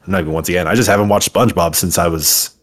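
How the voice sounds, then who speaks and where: A man's voice: deep voice, quick pace. A man in his twenties co-hosting a podcast, joking and sarcastic in casual banter. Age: 20s. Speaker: podcast co-host.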